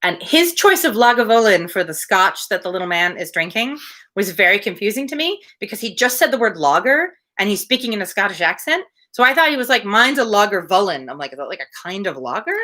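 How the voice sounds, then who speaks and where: A woman's voice: mid-range voice, sing-song, brisk, sharp tone. Woman reading a story aloud, chatty. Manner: chatty, laughing asides between passages. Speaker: reader.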